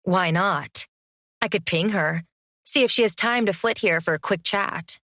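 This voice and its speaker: A woman's voice: fairly low pitch, measured pace, bright, forceful tone, no echo, studio quality. A woman voicing a bold, teasing young witch student with a cool, cheeky manner.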